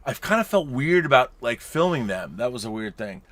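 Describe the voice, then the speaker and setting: A man's voice: mid-range voice, sing-song, brisk, fairly bright tone, dry recording. A middle-aged man co-hosting a casual, tipsy live-stream chat, reading viewer messages with jokey, stumbling restarts. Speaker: podcast co-host reading super chats.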